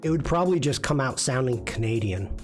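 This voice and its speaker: A man's voice: medium pitch, animated, a little fast, music in the background. A man hosting a casual livestream critique, chatty and self-deprecating, reviewing viewers' work. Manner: chatty, self-deprecating, many fillers and restarts. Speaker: livestream host and design instructor.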